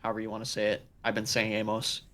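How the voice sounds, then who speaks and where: A man running a tabletop game as game master, narrating with dry, deadpan descriptions. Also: fairly low pitch, racing.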